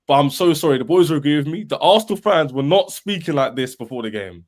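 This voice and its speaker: A man, a football fan panelist, arguing in an animated, emphatic way on a podcast and repeating himself. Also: on the high side, quick pace. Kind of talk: heated football podcast debate.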